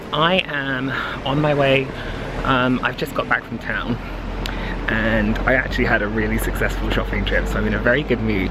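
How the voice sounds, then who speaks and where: A man's voice: on the low side, reverberant. A man in casual vlog chat, upbeat and chatty with lots of ums and laughs, at times out of breath while walking. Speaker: vlogger. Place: outdoors on a street, then indoors. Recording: noisy outdoor background with traffic.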